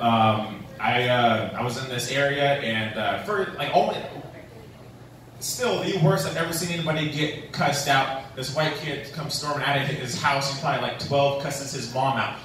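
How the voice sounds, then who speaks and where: A man's voice: medium pitch, normal speed, fairly bright tone. Rambling man doing stand-up in an echoey club. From New Mexico, USA. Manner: rambling, filler-heavy storytelling with many "like"s and "um"s. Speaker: stand-up comedian. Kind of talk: stand-up comedy set. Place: comedy club stage. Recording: echoey room, distant mic, faint room noise.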